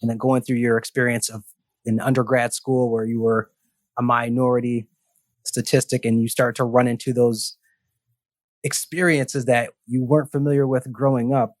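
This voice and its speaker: A man hosting a podcast, asking interview questions in a measured, thoughtful, affirming way. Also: medium pitch, no room sound, studio quality. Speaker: podcast host.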